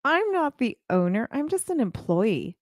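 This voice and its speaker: Woman coach with a bright high-ish voice, close and dry, earnest live-stream talk to her viewers. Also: sing-song, unhurried, no echo. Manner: earnest and emotional, talks to viewers directly. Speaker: childcare business coach and owner. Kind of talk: live-streamed faith talk to business leaders.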